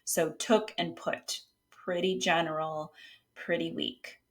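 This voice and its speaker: A woman with a slightly low voice teaches writing as an editor. She explains each point patiently in a relaxed instructional tone, with the occasional filler or restart. Now and then she reads short example passages aloud. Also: a little slow. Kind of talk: casual instructional talk.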